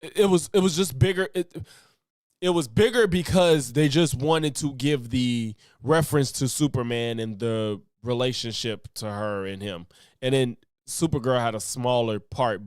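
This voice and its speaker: A man's voice: medium pitch, dry recording, clean studio sound. A man streaming a casual reaction commentary, rambling through restarts and self-corrections and laughing often.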